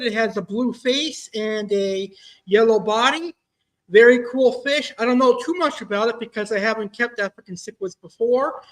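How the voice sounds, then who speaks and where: A man's voice: extremely high pitch, a bit bright. A man hosting an amateur online show, talking in an upbeat, enthusiastic way. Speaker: show host. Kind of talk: casual hosting.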